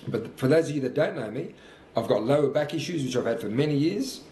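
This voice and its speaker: Speaking quickly and expressively, a fitness coach in his fifties offers warm-toned, earnest motivation that he keeps repeating. He's breathing hard between sprints for a workout vlog, captured with roomy sound and faint background noise.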